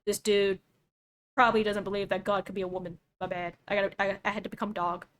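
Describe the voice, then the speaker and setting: A woman's voice: medium pitch, flat delivery, fast talker, a bit bright. A young woman streaming, reacting to a video with casual, sarcastic jokes. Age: young adult. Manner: joking, sarcastic asides.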